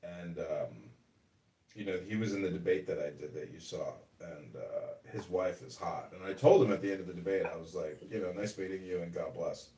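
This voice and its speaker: A man's voice: sits low, normal speed, mellow, recorded from a distance. A man hosting a casual chat, rambling and mocking with plenty of profanity. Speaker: podcast host and political candidate. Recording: roomy room, away from the mic.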